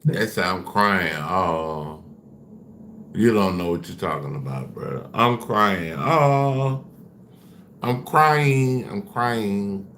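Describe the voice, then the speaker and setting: A man's voice: sits low, animated, measured pace, vocal fry, hardly any pauses, sharp tone, slight background noise. A man on a casual livestream, taunting and dismissing his chat while repeating himself.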